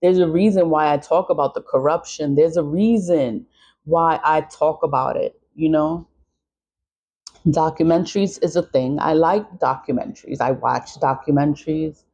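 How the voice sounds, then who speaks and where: A woman's voice: deep voice, normal speed, warm tone. A middle-aged woman vlogger in a casual venting monologue, emphatic and repeating her points.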